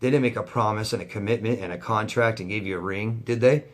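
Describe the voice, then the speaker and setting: A man's voice: on the low side, fast talker. A man, a life coach, talking straight to camera in a vlog, blunt and heated, swearing often and repeating himself for emphasis. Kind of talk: direct-to-camera vlog rant.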